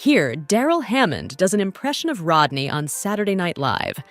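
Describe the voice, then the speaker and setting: A woman reading scripted voice-over, briskly introducing each clip. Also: fairly low pitch, very animated, a little hiss or hum. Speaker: narrator. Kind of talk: scripted narration.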